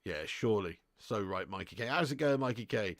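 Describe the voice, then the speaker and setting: A young man with a gravelly, creaky voice hosts a live football watch-along, chatting casually and answering viewers. He laughs often and swears freely. The sound is dry and close, with no room echo. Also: lowish voice, animated, brisk. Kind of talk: live casual chat and match commentary.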